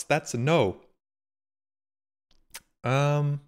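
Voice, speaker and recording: A man's voice: medium pitch, expressive, unhurried, long pauses, smooth. A man streaming live, reading out viewer donations and messages in casual, self-mocking, sarcastic banter.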